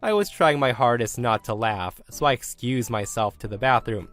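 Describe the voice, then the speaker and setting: Steady male storyteller reading online posts, soft music bed underneath. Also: medium pitch, normal speed. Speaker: narrator. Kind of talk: scripted narration of online stories. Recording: faint music behind.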